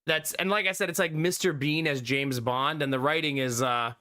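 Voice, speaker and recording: A man livestreaming and chatting casually with his viewers, laughing often and teasing, his voice gruff from being sick. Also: a little high, moderate pace, sharp tone, dry recording, clean studio sound.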